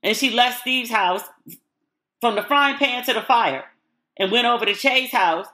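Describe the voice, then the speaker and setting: Blunt, bright-voiced woman podcaster. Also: fairly high pitch, measured pace. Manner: candid and blunt, swears freely; animated retelling with acted-out quotes. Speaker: podcast host. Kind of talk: casual solo chat.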